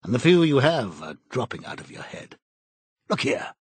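A man voicing a cold, menacing male interrogator in an audiobook, speaking in a measured, contemptuous way. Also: mid-range voice, sing-song, breathy edge, no echo. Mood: taunting. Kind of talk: audiobook character reading.

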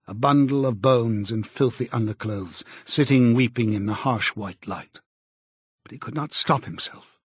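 Husky guy reading an audiobook, grave and steady, mid pitch. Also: no echo. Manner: grave, even storytelling. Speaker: narrator. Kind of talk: audiobook narration.

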